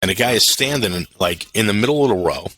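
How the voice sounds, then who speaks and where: A man in his fifties from Brooklyn, a podcast guest telling lively restaurant stories and acting out the voices of the people in them. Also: on the low side, fast talker, slight background noise. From Brooklyn, New York. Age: 50s. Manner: animated, acts out other people's voices, repeats words when starting. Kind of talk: casual storytelling.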